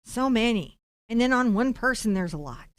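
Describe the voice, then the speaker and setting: Brief: middle-aged American woman, chatty painting teacher on a live stream, smooth fairly high voice, dry close sound. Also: normal speed, dry recording. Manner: chatty, animated, warm asides to chat viewers.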